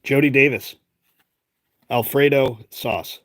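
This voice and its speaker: A man's voice: mid-range voice, measured pace, dry recording. A man with a Boston accent hosting a casual live stream, chatting and rambling as he calls out names one after another. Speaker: live-stream host opening card packs.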